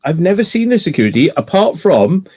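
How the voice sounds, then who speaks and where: A man's voice: sits high, very animated, fairly quick, warm tone, husky. A man hosting a casual live-stream chat, laid-back and rambling, swearing freely as he tells stories. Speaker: livestream host.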